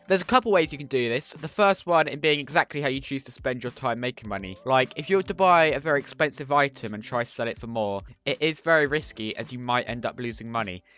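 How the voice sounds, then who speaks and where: Chatty young gaming YouTuber. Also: male voice, medium pitch, pushed and bright. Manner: playful, self-mocking, quick asides to viewers. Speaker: Minecraft YouTuber. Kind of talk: chatty gaming tips video. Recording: dull, lo-fi and dry.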